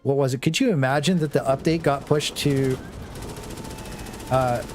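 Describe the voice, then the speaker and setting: A man's voice: mid-range voice, steady tone, moderate pace, over music. A young man casually chatting with his viewers during a game live stream, rambling and joking, often with a laugh. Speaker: gaming streamer.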